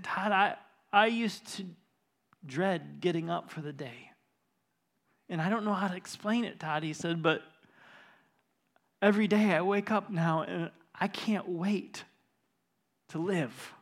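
Pastor telling a story from the pulpit, man with a slightly high voice, dropping to near-whispers and climbing to urgency. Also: takes it slowly, long pauses. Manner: retells a conversation, voice dropping to a hush then rising intense. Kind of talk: sermon storytelling. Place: church.

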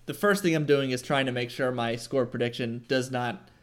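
A man of middle pitch co-hosting a casual sports podcast. He jokes around, trails off, and keeps correcting himself mid-sentence as he talks. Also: fairly even intonation, moderate pace. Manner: self-correcting, joking, hesitant. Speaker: podcast co-host.

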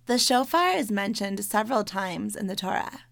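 A woman co-hosting a podcast, reading scripted documentary narration in a measured, informative way. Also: medium pitch, expressive, vocal fry, no echo, studio quality. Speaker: podcast co-host.

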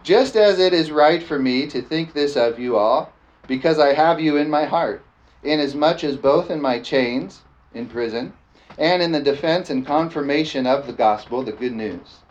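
A man preaching a lively sermon, often calling out "amen?" and joking with the congregation. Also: mid-range voice, normal speed. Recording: dull lo-fi sound with faint background noise.

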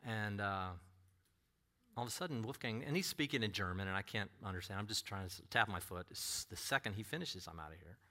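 Bright-voiced man telling a sermon story. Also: fairly low pitch, a little fast. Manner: animated storyteller, acts out voices with big swings in loudness. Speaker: pastor.

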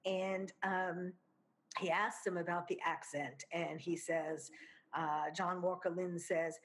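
A woman's voice: on the low side, steady tone, takes it slowly, slight background noise. A woman with a New York accent giving an unscripted spoken commentary, talking casually with many fillers and small laughs. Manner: chatty, with frequent fillers and laughs. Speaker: commentator discussing a criminal case. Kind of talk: unscripted monologue.

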